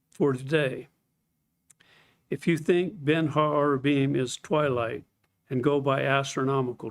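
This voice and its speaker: A man teaching a scripted Bible study lesson, explaining things step by step, reading scripture aloud and clearing his throat now and then. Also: medium pitch.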